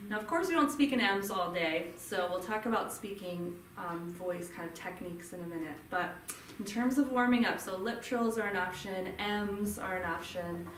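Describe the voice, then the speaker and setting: A woman's voice: mid-range voice, moderate pace, slight background noise. A woman speech therapist leading a group voice workshop, demonstrating hums and explaining the vocal cords in a friendly way. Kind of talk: live workshop instruction. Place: room with a group. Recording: roomy, from a distance, faint ambience.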